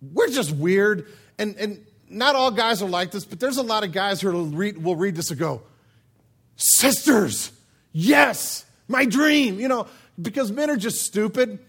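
A man with a notably high voice preaches a comic sermon. He tells the story in a joking, animated, conversational way, talking to his listeners directly. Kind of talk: humorous sermon.

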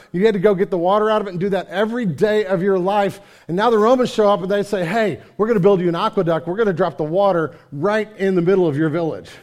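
A middle-aged man preaching a sermon as a pastor, in a conversational, animated way with quoted voices. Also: high voice.

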